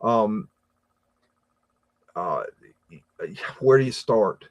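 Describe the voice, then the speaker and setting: An American man hosting a live stream, chatting casually and reading viewer comments, with a rambling, halting delivery full of repeated words and fillers. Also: on the low side, lively intonation. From United States. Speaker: livestream host reading chat.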